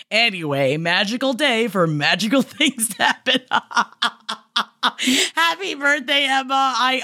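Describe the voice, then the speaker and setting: A woman's voice: medium pitch, a bit bright. A woman hosting a podcast, reading listener mail in a giggly, chatty way and swearing freely. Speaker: podcast host.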